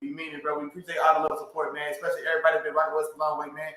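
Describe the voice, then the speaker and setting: A hoarse man co-hosting a podcast, giving casual shout-outs and ending nearly every phrase with "man". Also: fairly high pitch, monotone, racing, distant mic. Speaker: podcast co-host. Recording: very echoey room, away from mic.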